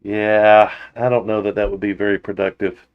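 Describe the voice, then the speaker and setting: A man's voice: lowish voice, level tone, phone-quality sound. Chatty man rambling through a livestream. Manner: rambling, halting restarts, frequent laughter, reads viewer comments aloud. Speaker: motorcycle channel host. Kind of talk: casual livestream chat.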